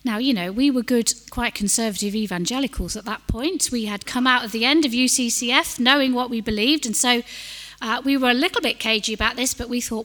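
A woman's voice: fairly high pitch, fairly quick, fairly bright tone. A middle-aged woman preaching a sermon, telling a personal story in an earnest, self-deprecating way.

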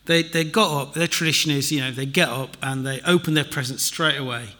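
A man's voice: fairly high pitch, steady tone, a little fast, pushed and bright. A man giving a chatty church sermon and notices, with wry, self-deprecating asides. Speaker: preacher.

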